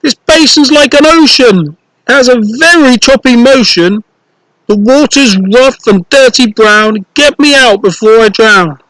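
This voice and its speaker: A man voicing a small, cheerful boy with a cold in a storybook, yelping his rhymes in a high voice. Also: animated, a little slow, a bit bright, no room sound, full character voice, rough recording. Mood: alarmed.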